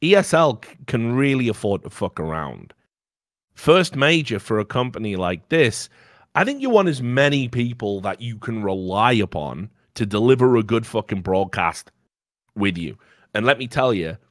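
A man's voice: fairly low pitch, dry recording, studio quality. Heated, profane man ranting on a podcast. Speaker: podcast host. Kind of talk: casual opinionated chat.

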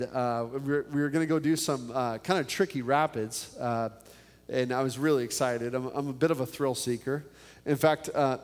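A man preaching a sermon in a church, with earnest prayer and animated personal storytelling. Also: mid-range voice. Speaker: pastor. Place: church building. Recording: long church reverb.

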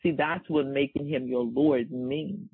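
A man preaches a sermon in call-and-response style, repeating his phrases and drawing answers from the congregation. His voice is gravelly and a bit husky. It comes through a thin, phone-like recording. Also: mid-range voice, fairly even intonation, unhurried. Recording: tinny, phone-like sound.

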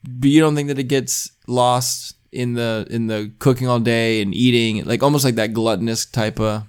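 A man co-hosting a casual podcast chat, rambling and halting with lots of fillers. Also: medium pitch, fairly even intonation, clear, resonant tone. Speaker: podcast co-host.

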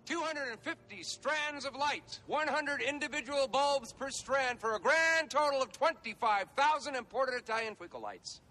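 A man's voice: extremely high pitch, animated, normal speed, hardly any pauses, background noise. An actor playing a proud, middle-aged family dad who makes grandiose, showman-like announcements in a comedy film. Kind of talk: 1980s comedy film acting.

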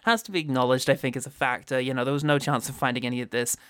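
A man's voice: medium pitch, fairly even intonation, a bit bright, smooth, no echo, clean studio sound. A man co-hosting a podcast, chatting about a movie in a casual, laughing way. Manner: giggly, quick to jump into mock voices. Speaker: podcast co-host. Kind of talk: casual movie-review chat.

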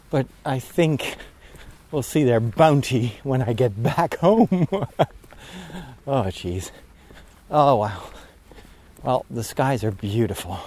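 A priest podcaster recording a casual vlog outdoors while walking, a bit out of breath, talking in a rambling, easily distracted way. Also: male voice, medium pitch, expressive, takes it slowly, long pauses, darkish tone. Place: outdoors on a walk at sunset.

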